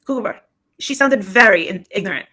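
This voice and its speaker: A woman's voice: mid-range voice, animated, brisk, pushed and bright. A woman on a live stream who rambles on scornfully and repeats herself, talking into a phone or webcam. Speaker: livestreamer. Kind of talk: rambling livestream gossip.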